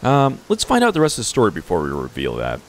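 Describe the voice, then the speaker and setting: A man's voice: fairly low pitch, wildly swooping pitch, quick pace. A man in his twenties doing casual let's-play commentary, reading dialogue aloud with hesitant fillers. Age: 20s. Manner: hesitant with fillers, chuckling asides.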